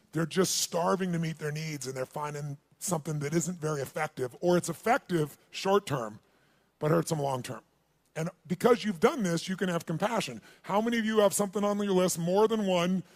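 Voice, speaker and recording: Male seminar speaker, higher register, animated storyteller who works the room. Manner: animated storyteller, calls out questions to the crowd. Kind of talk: live seminar talk with storytelling.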